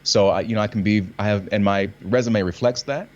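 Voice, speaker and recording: Guy on a video call, animated, acts stuff out, kinda muffled lo-fi audio. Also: on the low side, a little fast. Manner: animated storytelling, acts out lines in different readings. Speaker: actor and guest. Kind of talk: casual conversation.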